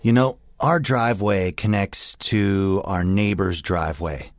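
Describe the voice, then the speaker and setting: Man, radio host, comedic rant, rambling, foul-mouthed, lowish voice, dry sound. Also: measured pace, no echo. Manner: crude, profane, rambling.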